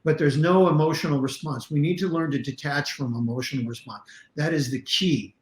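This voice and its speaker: A man's voice: on the high side, brisk. Emphatic man teaching self-defense, roomy sound. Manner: animated, emphatic teaching with blunt examples. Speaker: martial arts instructor and self-defense coach. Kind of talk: podcast interview guest. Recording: roomy echo.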